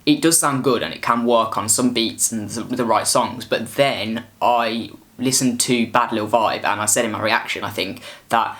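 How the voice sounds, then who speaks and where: A man's voice: medium pitch, fairly even intonation, moderate pace, few pauses, fairly bright tone. Rambling man reviewing an album. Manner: rambling, frequent restarts and fillers. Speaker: music reviewer.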